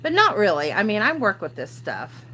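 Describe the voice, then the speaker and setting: A woman in her forties with an American accent, hosting a casual crafting livestream from a dark room at home, chatty and easily distracted, laughing often. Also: mid-range voice, huge pitch swings, moderate pace, slight background noise. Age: 40s. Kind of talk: casual live chat.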